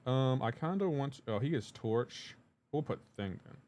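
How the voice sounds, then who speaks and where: A man's voice: mid-range voice, expressive, measured pace, darkish tone. A man streaming a game live, chatting casually, reading and answering chat aloud in a joking, teasing way.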